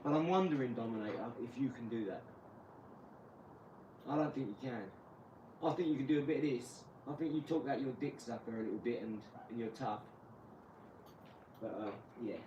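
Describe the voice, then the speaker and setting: A young man streaming live from his garage, mocking and trash-talking a viewer with sudden loud outbursts. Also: mid-range voice, normal speed, long pauses, recorded from a distance, lo-fi sound, noisy background. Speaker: livestreamer. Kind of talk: live stream chat while boxing.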